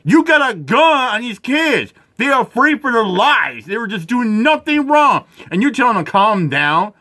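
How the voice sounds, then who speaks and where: Angry male reaction commentator, high lively voice, bright edge, profane and rambling. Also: normal speed. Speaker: commentator reacting to news footage.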